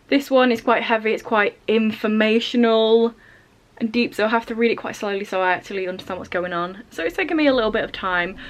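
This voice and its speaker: A woman's voice: fairly high pitch, a bit bright. A young woman chatting casually at home for her vlog, with dry, self-mocking humour. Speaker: vlogger. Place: at home, indoors.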